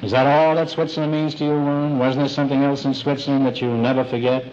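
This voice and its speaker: A man's voice: mid-range voice, little pitch movement. Wisecracking quiz show host man. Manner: teasing, punning, quick asides. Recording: muffled old broadcast with loud hiss. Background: studio audience laughter.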